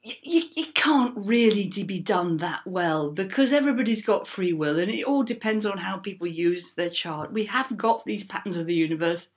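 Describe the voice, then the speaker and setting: A woman's voice: medium pitch, lively intonation, normal speed, few pauses. A woman co-hosting a casual podcast as the vicar, chatting and laughing easily, explaining ideas at length over a video call. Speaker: podcast co-host, vicar and astrologer.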